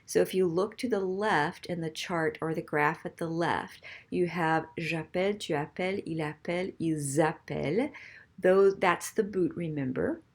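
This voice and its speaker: A woman's voice: on the low side, normal speed. Patient woman teaching a grammar lesson. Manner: patient, explains step by step with frequent "okay?". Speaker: French teacher.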